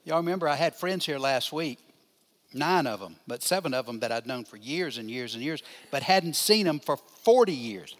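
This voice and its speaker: A man's voice: medium pitch, expressive, normal speed, fairly bright tone. An older man, a pastor, teaching a Bible class in a conversational way, putting questions to his listeners and answering them. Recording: long hall reverb.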